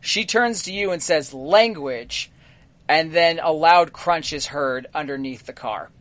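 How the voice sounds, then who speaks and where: Male game master, slightly high voice, dry close sound, laid-back narration. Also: moderate pace, no echo. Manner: relaxed, filler-heavy narration.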